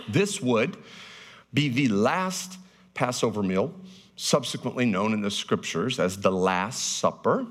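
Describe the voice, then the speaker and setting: A man preaching a sermon as a pastor, telling a story loudly and animatedly, acting out the scenes. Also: medium pitch, husky.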